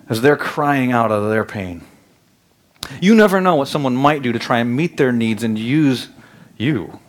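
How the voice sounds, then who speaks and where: A man in his thirties preaching a sermon as pastor, telling lively stories that climb loud and high. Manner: animated storytelling, rising loud and high in anecdotes. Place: church sanctuary.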